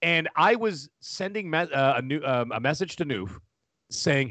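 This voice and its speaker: Middle-aged male podcast guest, loud animated storyteller, slightly high voice, dry close mic. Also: measured pace, no room sound. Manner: animated, talks loudly with many restarts and laughs. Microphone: studio microphone.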